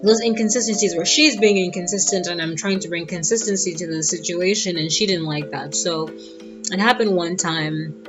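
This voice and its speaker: A woman with a low voice tells a personal story in a casual, animated way, with sassy asides. The audio is dull and lo-fi, and plucked guitar music plays clearly underneath. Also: normal speed. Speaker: vlogger.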